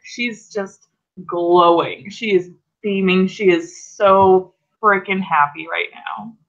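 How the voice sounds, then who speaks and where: Slow-talking woman narrating softly. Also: medium pitch, fairly even intonation, highs cut off. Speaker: tabletop game player. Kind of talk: casual role-play narration.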